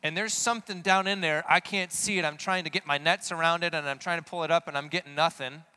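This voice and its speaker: A man's voice: fairly high pitch, fairly even intonation, fast talker, bright, forceful tone, clear, resonant tone. A man giving a conversational sermon, asking many rhetorical questions. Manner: casual, full of rhetorical questions. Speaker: preacher.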